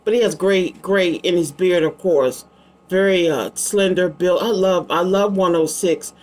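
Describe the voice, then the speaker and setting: A chatty middle-aged woman runs a relaxed psychic card reading. She rambles easily from card to card, talking in a warm, everyday tone. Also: fairly low pitch, measured pace. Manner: chatty, rambling, affectionate asides to her child. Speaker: psychic tarot reader. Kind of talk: casual live card-reading vlog.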